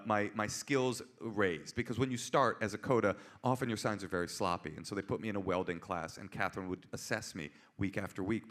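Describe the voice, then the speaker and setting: A man in his forties, a comedian and author, telling stories on stage with an animated, punchy delivery. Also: lowish voice. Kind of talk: live on-stage storytelling. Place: auditorium stage before an audience.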